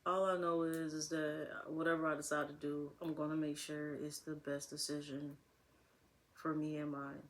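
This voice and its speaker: A woman's voice: deep voice, little pitch movement, moderate pace. A young woman talking casually to camera as a vlogger, rambling and laughing often.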